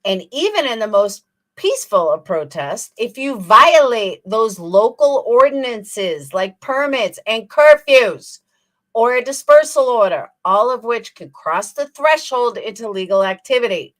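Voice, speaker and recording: A woman's voice: medium pitch, lively intonation, unhurried, a bit bright. A woman hosting a commentary channel, reading legal text aloud and mocking the people she reacts to with sarcasm.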